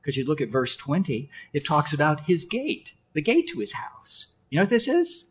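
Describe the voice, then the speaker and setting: A man preaching a sermon in an animated, playful way, swinging between loud exclamations and hushed asides. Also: fairly high pitch, normal speed, husky. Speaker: pastor.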